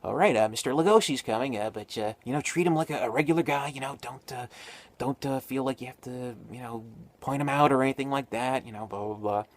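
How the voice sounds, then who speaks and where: A man's voice: mid-range voice, a little fast, lightly acted. A man acting out an eager, upbeat young male director who talks in a nervous, accommodating, stammering way. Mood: placating.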